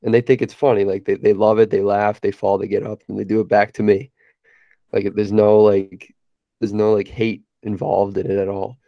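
A young man co-hosting a podcast, telling a long story in a relaxed way, laughing often and filling with "like". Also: on the low side, moderate pace, gravelly, dry recording, lo-fi sound. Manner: laid-back storyteller, laughs often, many fillers. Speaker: podcast co-host. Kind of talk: casual chat.

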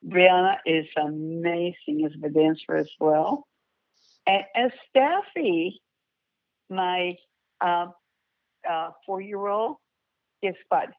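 She's an older woman and folk dance director, guesting on a radio show and talking at length with warmth and pride in a rambling, chatty interview. Her lowish voice moves slowly with long pauses. The tinny phone line is dry, with no room sound.

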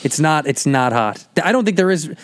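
A male guest comedian in casual podcast chat, animated and slipping into quick impressions. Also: on the high side.

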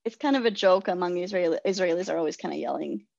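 Chatty woman with a gravelly edge, dry sound. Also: lowish voice, fast, a little mellow, dry recording, lo-fi sound. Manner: chatty, self-deprecating, many "like" fillers. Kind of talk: casual conversation.

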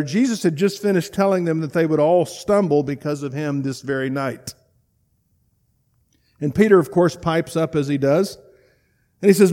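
Storytelling male preacher, somewhat high voice. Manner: storytelling preacher, swings between loud emphasis and hushed reflection. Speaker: pastor. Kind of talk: sermon.

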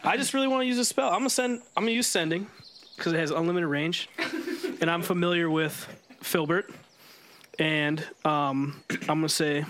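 A man's voice: fairly high pitch, normal speed, fairly bright tone, slight background noise. A man playing a tabletop game, talking in a rambling, joking way with many fillers. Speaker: player. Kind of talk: casual tabletop game play.

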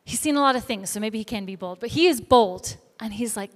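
Higher-voiced woman preaching in an echoey hall. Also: fairly quick, hardly any pauses. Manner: animated storytelling, acting out quoted voices. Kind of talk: sermon.

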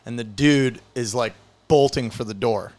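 A man telling a long, rambling joke among friends, putting on voices for the people in it. His voice sits at an ordinary middle pitch, and his delivery is relaxed and conversational. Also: measured pace. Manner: relaxed storyteller, acts out voices in quotes.

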